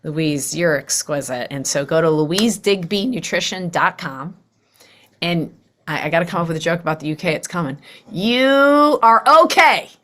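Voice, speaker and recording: Lively woman podcast host. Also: deep voice, normal speed. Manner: animated, acts out quoted voices. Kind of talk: casual conversational interview.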